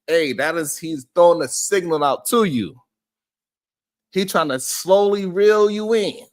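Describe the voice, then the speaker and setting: On his streaming setup, a live-stream host delivers animated, preachy commentary full of swearing, speaking directly to his audience. His voice is high and a little slow.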